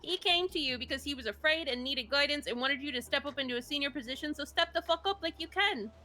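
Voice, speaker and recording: A woman's voice: high voice, fast, pushed and bright. A woman in an in-character roleplay phone call, scolding bluntly and swearing freely. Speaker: roleplay character from the mayor's office.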